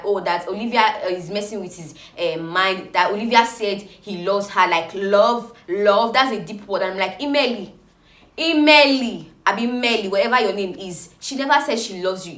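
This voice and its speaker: A woman chattily recapping reality TV gossip, animated and exclaiming. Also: mid-range voice, reverberant.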